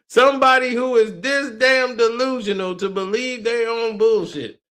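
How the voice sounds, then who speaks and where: A man's voice: very high-pitched, fairly even intonation, slow, a bit bright. A man streaming casual reaction commentary, mocking what he reads, swearing freely and laughing often.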